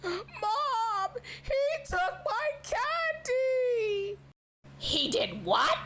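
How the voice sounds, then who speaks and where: A teenage boy voicing over comedy clips in squeaky put-on voices, often screaming. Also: big pitch swings, slow, raised voice, heavy background noise, heavily acted. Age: teens.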